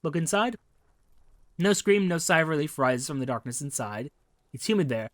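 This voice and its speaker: A man's voice: on the high side, animated, moderate pace, no room sound, clean studio sound. A man narrating a detective game, reading the text aloud in a casual way with wry asides. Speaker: game streamer.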